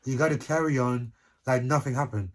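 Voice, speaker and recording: A man's voice: medium pitch, brisk. Easygoing man, casual chat. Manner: easygoing, laughs often, repeats "if you get what I mean". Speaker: co-host of a couples channel.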